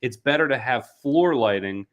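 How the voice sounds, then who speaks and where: A man hosting an interview, explaining things in a measured way with frequent ums. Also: medium pitch, lively intonation, dull audio. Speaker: interview host. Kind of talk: conversational interview.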